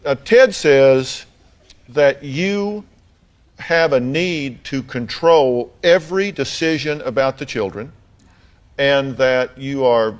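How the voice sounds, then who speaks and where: A man's voice: mid-range voice, animated, slow pace. Blunt probing male talk show host. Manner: blunt, probing questions with dry humor. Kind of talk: confrontational talk show questioning.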